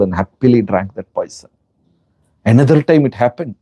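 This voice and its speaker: A man's voice: mid-range voice, lively intonation, moderate pace, mellow, husky, no room sound. A man with an Indian accent gives a spiritual lecture, telling stories with animation and asking his listeners rhetorical questions. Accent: Indian English. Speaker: spiritual teacher.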